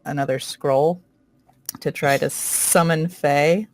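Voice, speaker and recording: A tabletop player narrating their character's moves in a gravelly voice. They speak slowly and hesitantly, with many pauses and fillers. Their pitch is mid-range. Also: steady tone, a little mellow. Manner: hesitant, many fillers, laughs at own ideas. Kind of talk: casual play-by-play of a character's actions.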